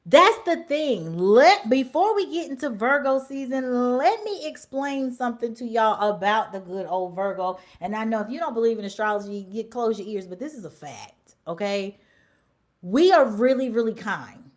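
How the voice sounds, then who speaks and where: A young woman hosts a casual livestream and tells her story bluntly, full of slang and swearing. Her voice sits fairly high and swings widely in pitch. Now and then she drops into a whisper. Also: lively intonation, normal speed. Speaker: livestream host.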